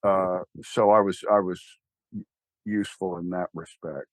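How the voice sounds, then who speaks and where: An older man with a Texan drawl tells stories in a loose, rambling way, with wry, self-deprecating humor and bursts of animation. His voice sits at a middling pitch. It sounds close and dry, with no room echo. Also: steady tone, unhurried. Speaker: interview guest, church founder. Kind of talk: casual conversational interview.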